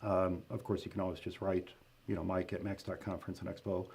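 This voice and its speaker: A man's voice: sits low, little pitch movement, brisk, vocal fry, a little mellow, breathy edge. A man hosting a casual live-stream update as the event organizer, talking loosely with many fillers, restarts and laughing asides.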